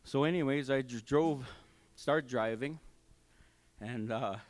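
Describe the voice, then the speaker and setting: An older man gives his personal testimony at a church service, telling it in a halting, heartfelt way with many fillers and restarts. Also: mid-range voice. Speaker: church member giving testimony. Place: community hall church service.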